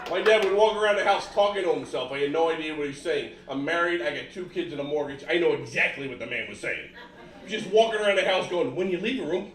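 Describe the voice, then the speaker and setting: High-voiced middle-aged male comedian on stage. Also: fast, crowd noise. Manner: punchy, exaggerated voices for quoted family. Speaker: stand-up comedian. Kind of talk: stand-up comedy set. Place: comedy club stage with live audience. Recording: roomy club sound from a distance, audience laughter.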